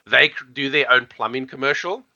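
A man co-hosting a podcast in casual chat, rambling and animated, with lots of fillers. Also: mid-range voice, brisk, dry recording, highs cut off. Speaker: podcast co-host.

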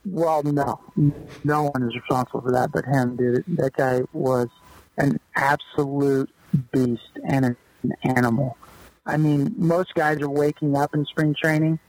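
A man with a slightly high voice takes his time in a casual podcast interview. He's a guest who once played pro baseball, and he spins loose, lively tales packed with fillers. The recording is dry and the audio poor.

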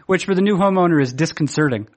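Speaking fast and animatedly in a fairly high, slightly mellow voice, this Boston-area man tells stories in casual conversation. He rambles, hesitates, fills gaps and restarts often, and laughs at his own expense.

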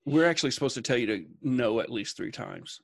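A man in a casual group chat, ranting with lots of swearing and a lively, joking manner. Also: medium pitch, brisk, gravelly, no echo, studio quality. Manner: profane, animated ranting.

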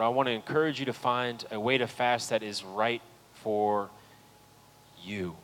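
A man delivering a sermon from the front of a church, his voice sitting in a middle register. He speaks earnestly to the congregation and climbs into loud, pleading stretches. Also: mid-range voice, steady tone, moderate pace, rough recording. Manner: impassioned, rises to loud pleading peaks. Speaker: pastor. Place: church sanctuary.

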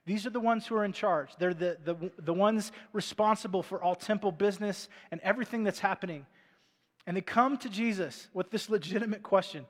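Male pastor, sermon, conversational preacher with a high voice, recorded with a long hall reverb. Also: fairly quick. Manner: conversational preaching with rhetorical questions. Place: church stage before a congregation.

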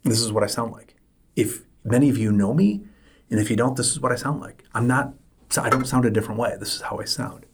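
A man's voice: medium pitch, brisk, a little hiss or hum. A middle-aged man hosting a solo podcast, talking emphatically and repeating his points for stress. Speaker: podcast host.

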